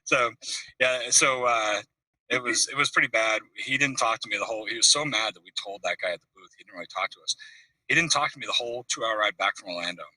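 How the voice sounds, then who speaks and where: A man's voice: medium pitch, quick pace, bright, forceful tone, no echo, distant mic, poor audio. A man telling a long funny anecdote on a video call, acting out the voices of people in it and laughing often. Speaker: call-in guest. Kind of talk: casual storytelling.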